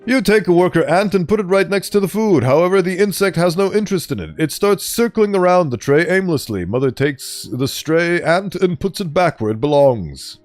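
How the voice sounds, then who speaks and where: A man's voice: high-pitched, expressive, moderate pace, few pauses, soft background music. A man streaming a game, chatting playfully and telling a theatrical story. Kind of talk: casual game commentary.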